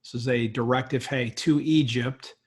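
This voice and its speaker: A man lecturing as a biblical studies professor, slowly reading and explaining a Hebrew text word by word. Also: medium pitch, steady tone, breathy edge. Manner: slow, thoughtful, pauses on words.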